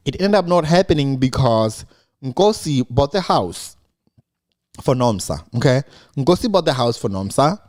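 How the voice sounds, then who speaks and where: A man recapping a TV episode in casual, animated commentary, acting out the characters as he retells scenes. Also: mid-range voice, measured pace. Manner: animated, mimics characters in quotes. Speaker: show recap host.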